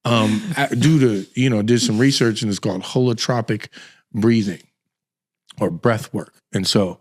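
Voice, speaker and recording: A man hosting a podcast, telling a story in casual chat, animated and laughing, with slang and swearing. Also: on the low side, moderate pace. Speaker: podcast host.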